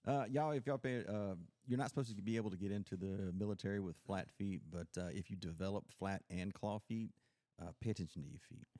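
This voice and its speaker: A man with a drawl talks in a loose, rambling way, full of fillers and restarts as he tells his stories. His voice sits low and mellow, with a warm, dark tone. The recording is dry and close, with almost no room sound. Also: quick pace, no room sound. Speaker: podcast host; Coast Guard veteran. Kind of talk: casual chat.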